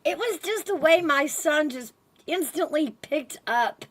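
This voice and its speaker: Woman cohost chatting, laughs a lot, kinda high voice. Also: unhurried. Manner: laughs often, animated storytelling. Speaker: podcast co-host. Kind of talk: casual chat.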